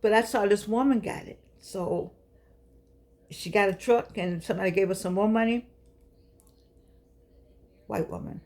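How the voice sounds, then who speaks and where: The older woman hosting this show talks to camera in a medium-pitched, slightly mellow voice, keeping a measured pace with long pauses. Her casual address to viewers is fussing, encouraging, and preachy.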